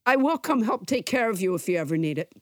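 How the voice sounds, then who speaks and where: A woman in her sixties co-hosting a chat, with a lively, wide-ranging pitch and a quick, joking manner. Her voice sits dry and close, with no room sound. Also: dry recording. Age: 60s. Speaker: co-host. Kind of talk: casual chat.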